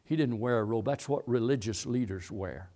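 Preaching in a barn in a rural setting, a man shifts from calm, halting explanation to fervent emphasis that nearly becomes shouting, repeating himself and restarting often. His voice is medium-pitched.

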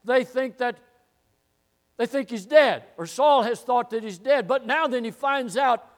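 Man preacher, high voice, sermon delivery, repeats lines for emphasis and rises to loud declarations. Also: measured pace. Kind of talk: sermon, expository Bible teaching.

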